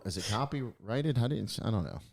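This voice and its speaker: A man's voice: lowish voice, animated, moderate pace, vocal fry. A man co-hosting a podcast, chatting casually and telling stories in a laid-back, chuckling way. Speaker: podcast co-host. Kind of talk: casual chat.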